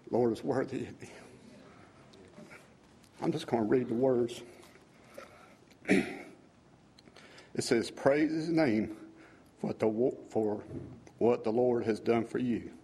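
A man in church sharing and slowly reading out song lyrics, earnest and halting. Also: mid-range voice, mellow, a little hiss or hum.

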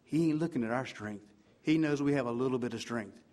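A man preaching a sermon with fervor, repeating "I tell you what" and swinging from loud emphatic peaks to low hushed passages. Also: fairly quick.

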